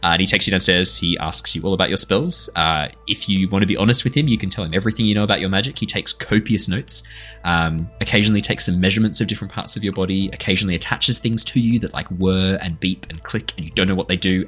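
A man's voice: deep voice, fast, a bit bright, breathy edge, soft background music. A man narrating as game master in a tabletop game, casual, with many fillers and some laughs. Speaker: dungeon master.

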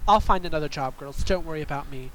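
A man's voice: a little high, fast, slight background noise, lightly acted, rough recording. A man voicing a campy, sassy drag queen bouncer who calls everyone darling and swings between sweetness and dramatic outbursts, in an improvised comedy sketch. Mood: campy chatty. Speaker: podcast host in character.

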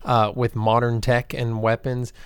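A man co-hosting a casual movie chat, measured and detail-minded. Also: medium pitch, monotone, clear, resonant tone, dry recording, clean studio sound. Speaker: podcast co-host.

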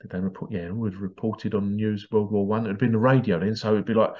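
A man's voice: lowish voice, fast, few pauses, darkish tone, highs cut off. A man hosting a podcast in a casual, rambling monologue, digressing often and dropping in playful vocal sound effects. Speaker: podcast host.

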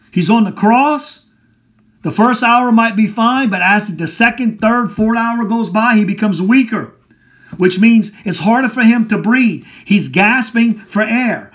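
High-voiced man preaching a sermon. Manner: emphatic, asks and answers his own questions. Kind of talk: Bible teaching sermon.

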